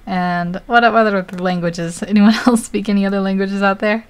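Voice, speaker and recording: A woman's voice: mid-range voice, fairly even intonation, moderate pace, clear, resonant tone. An American woman streaming live as she draws, chatting casually, laughing often and poking fun at herself. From United States. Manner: giggly, laughs often, self-deprecating. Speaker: artist livestreaming. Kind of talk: casual chat while drawing.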